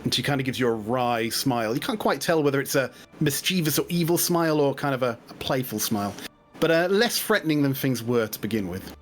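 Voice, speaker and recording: A man running a tabletop game as game master, narrating in a relaxed, chuckling way. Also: mid-range voice, fairly quick, soft background music.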